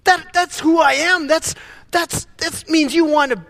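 A preacher voicing an overjoyed, eager God. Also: male voice, sits high, very fast, long reverb tail. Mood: excited. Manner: excited, tumbling over his words.

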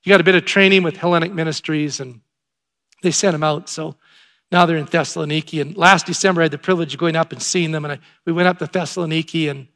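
Excitable pastor, slightly high voice. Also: male voice, fast. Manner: conversational storytelling, rising to excited emphasis. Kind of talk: sermon.

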